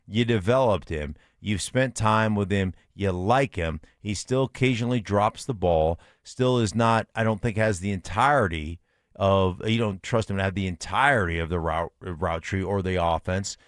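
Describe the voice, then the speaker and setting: A man's voice: deep voice, moderate pace, dry recording, studio quality. A man co-hosting a sports radio show, rambling and playful as he thinks aloud in restarts. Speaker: co-host. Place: radio studio.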